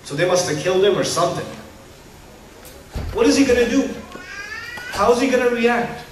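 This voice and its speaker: A man preaching a sermon to parents, animated and humorous, acting out parents and kids. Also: extremely high pitch, normal speed, slight background noise. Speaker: Muslim preacher. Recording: roomy hall echo from a distance.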